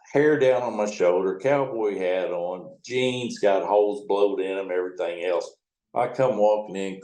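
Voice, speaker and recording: A man's voice: lowish voice, dark tone. An older man, a river captain telling folksy, salty stories in a casual way. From United States. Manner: folksy, profane, acts out the other people's lines in quotes. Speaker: retired river towboat captain. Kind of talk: conversational storytelling. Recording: roomy echo.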